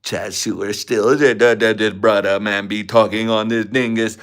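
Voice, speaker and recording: A man's voice: lowish voice, flat delivery, moderate pace, fairly bright tone, lightly acted. A man voicing a goofy, rambling man with a put-on Jamaican accent, babbling singsong nonsense words.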